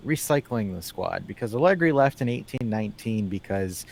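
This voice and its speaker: A man co-hosting a casual football podcast, talking in a rambling, animated way, full of fillers and restarts, with wry asides. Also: lowish voice, moderate pace, creaky. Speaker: podcast co-host.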